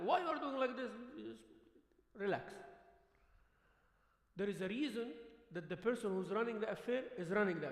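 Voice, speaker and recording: A man giving a conversational sermon as imam, animated, acting out the voices of the people in his stories and dropping in Arabic words. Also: sits high. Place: mosque prayer hall. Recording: echoey hall livestream.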